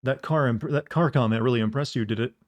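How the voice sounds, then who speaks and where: A man's voice: mid-range voice, fast. A man streaming a game, chatting casually with viewers in a sleepy, drawling way. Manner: sleepy, drawling, greets chat.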